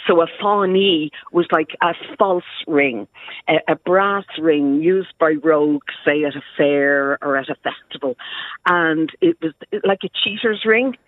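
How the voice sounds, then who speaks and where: A woman's voice: sits low, a little slow, dry recording. An Irish woman historian, a guest on a radio interview, talking in a chatty, enthusiastic way and laughing often, heard over a tinny phone line.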